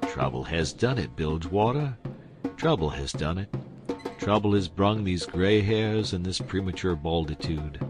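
Old con-man king, played by a male narrator: deep, folksy, weepy and sly, music behind. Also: lively intonation, a little slow. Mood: sobbing. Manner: folksy, sobbing, rustic grammar.

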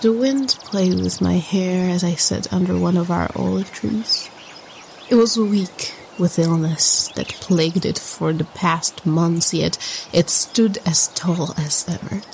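A woman narrating a scripted first-person story in a soft, sombre reading. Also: on the low side, slow, creaky, slight background noise, rough recording.

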